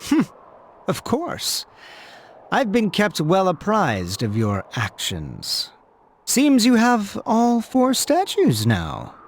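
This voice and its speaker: An actor playing a proud, secretive young knight in a video game, speaking in a formal, measured and aloof way. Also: male voice, high voice, huge pitch swings, full character voice.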